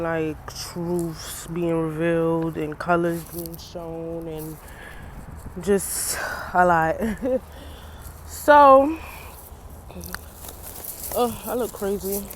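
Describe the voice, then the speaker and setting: A woman's voice: on the low side, steady tone, extremely slow, pauses often, slight background noise. A young woman talking to her camera in a casual personal vlog, chatty and loose, laughing often, her eyes swollen from crying, outdoors in the cold. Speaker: vlogger.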